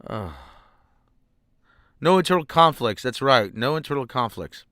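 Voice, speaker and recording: A man's voice: mid-range voice, animated, measured pace, bright, forceful tone, no echo, clean studio sound. A man ranting sarcastically and with profanity while reviewing a show, exasperated throughout. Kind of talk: ranting commentary.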